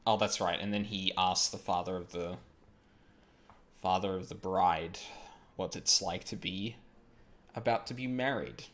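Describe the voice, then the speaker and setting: A man's voice: sits low, measured pace, pauses often, a bit bright. A man streaming a game, making sarcastic, joking asides while reading the story aloud. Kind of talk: casual let's-play commentary.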